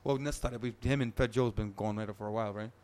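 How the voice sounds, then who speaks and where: A man co-hosting a podcast, chatting casually about music, swearing a lot and talking over his partner. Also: on the low side. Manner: fast, profane, excitable, talks over his partner. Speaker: podcast co-host. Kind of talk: casual chat.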